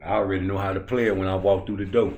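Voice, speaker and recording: A man hosting a YouTube boxing talk show, ranting profanely and swinging from low muttering to loud, heated outbursts. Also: fairly even intonation, rapid-fire. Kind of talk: ranting commentary.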